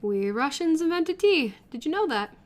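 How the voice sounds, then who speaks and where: A woman's voice: high voice, big pitch swings, moderate pace, pitched above the performer's own voice. A woman voicing a stern, doting old Russian mother from a dating game, speaking formally.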